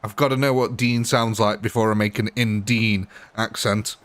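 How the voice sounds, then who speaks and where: A man's voice: lowish voice, steady tone, moderate pace, fairly bright tone. Blunt, joking male streamer. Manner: blunt, joking, laughs often. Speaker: gaming livestream host. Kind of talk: casual live commentary.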